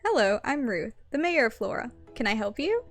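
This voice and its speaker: A woman voicing a polite woman who is a village mayor in a game, reading her lines in a measured way. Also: fairly high pitch, very animated, soft background music.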